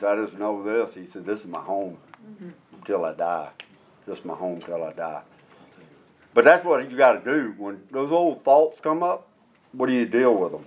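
Folksy man preaching a testimony. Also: fairly low pitch. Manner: folksy storytelling, drawn-out emphatic asides. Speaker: former prison officer turned preacher. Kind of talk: sermon testimony.

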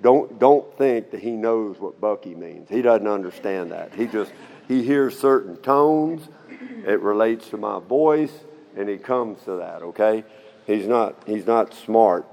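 A man's voice: fairly low pitch, vocal fry, dark tone. A middle-aged man teaching the Bible in a folksy, conversational way, often checking in with "okay?". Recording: long hall reverb.

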